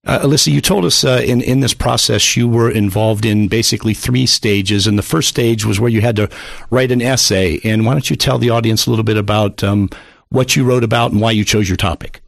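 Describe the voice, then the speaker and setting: Gravelly fast-talking radio host man. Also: lowish voice, steady tone, no echo. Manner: fast, gravelly, earnest with restarts. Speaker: radio talk show co-host. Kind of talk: talk radio hosting. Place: radio studio.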